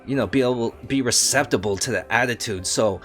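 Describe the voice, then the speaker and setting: A man narrating as dungeon master, halting and rambling, often laughing. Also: medium pitch, fairly bright tone, soft background music. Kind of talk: narrating a tabletop game.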